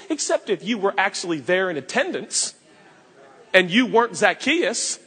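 A male pastor tells a Bible story in an animated, joking sermon. His voice is high, bright and a little husky. Long reverb from a large hall follows each phrase. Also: moderate pace.

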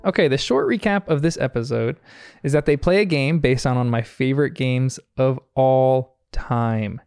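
A man's voice: mid-range voice, moderate pace, a little mellow, clear, resonant tone, no echo, soft background music. An American man hosting a podcast, talking in an earnest, reflective way as he recaps a cartoon episode, chuckling often. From United States. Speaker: podcast host.

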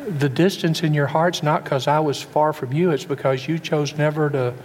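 A man's voice: on the high side, fairly even intonation, normal speed, slight background noise. A man preaching a sermon, asking his listeners question after question and often stumbling over repeated words. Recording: long reverb in a hall, faint background.

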